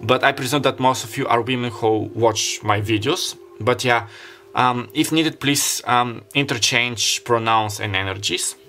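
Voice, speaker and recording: Rambling male tarot reader, bright voice. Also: mid-range voice, unhurried, a little hiss or hum. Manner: rambling, free-associating. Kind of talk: casual tarot reading.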